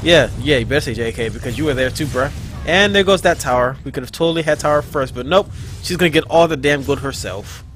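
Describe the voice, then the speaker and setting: A man's voice: mid-range voice, faint music behind. A man giving live, profane, easily frustrated commentary on his own gameplay. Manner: excitable, profane, quick to frustration. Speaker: gaming channel host.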